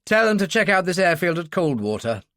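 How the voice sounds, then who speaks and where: A man voicing an older male intelligence chief who speaks crisply and commandingly in an audiobook reading. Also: sits high, big pitch swings, brisk, a bit bright, no room sound, studio quality, voice pushed up, exaggerated voice. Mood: brisk.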